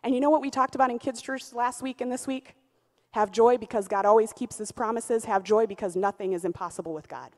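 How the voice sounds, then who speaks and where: A woman in her thirties, a pastor with a twangy voice, telling a lively testimony in church with lots of fillers. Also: on the high side, fairly quick. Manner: animated storytelling, many "uh" fillers. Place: church sanctuary. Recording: long church reverb.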